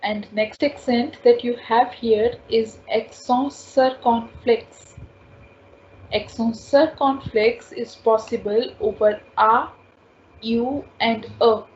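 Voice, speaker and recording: A woman teaching French in an online class, slowly repeating sounds and explaining rules step by step. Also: on the high side, fairly even intonation, darkish tone. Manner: slow, repetitive, spells out sounds patiently. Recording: dull lo-fi class recording with faint noise.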